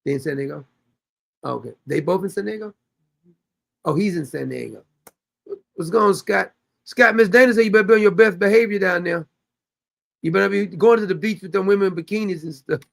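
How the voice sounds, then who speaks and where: A man's voice: sits high, brisk, creaky, pauses often, dry recording. A man hosting a casual livestream chat, rambling loosely and laughing often. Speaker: show host.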